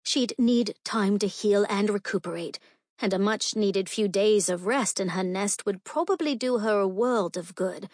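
A woman narrates a fantasy audiobook in the first person with earnest, emotional delivery. Her voice sits mid-pitch, and the booth sound is dry with no room. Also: unhurried, darkish tone, no echo.

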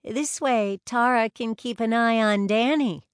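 A woman's voice: unhurried, clean tone, dry recording, clean studio sound, natural voice. A woman doing a flirty blonde New Yorker. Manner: high, giggly, flirty.

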